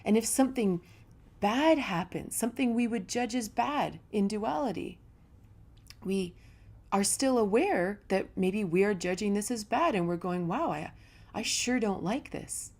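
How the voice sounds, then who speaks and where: A woman yoga teacher giving a reflective spiritual talk, telling stories in a relaxed, conversational way. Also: medium pitch, unhurried.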